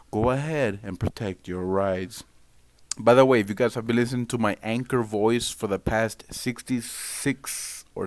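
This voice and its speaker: A man hosting a live political commentary stream, talking in an emphatic, loose way with sudden loud outbursts. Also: lowish voice, smooth.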